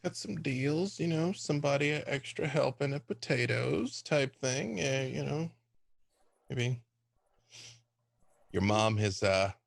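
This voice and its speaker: A man's voice: mid-range voice, lively intonation, slow, vocal fry, pauses often, no echo, heavily acted. A man playing a fussing, doting mother. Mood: warm. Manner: scolding, doting. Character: fussing motherly older woman.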